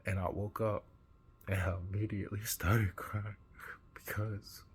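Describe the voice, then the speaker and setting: A man who has just woken up, earnestly retelling a dream in a vlog with an animated manner. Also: fairly low pitch, measured pace, slight background noise. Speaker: vlogger. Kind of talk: recounting a dream.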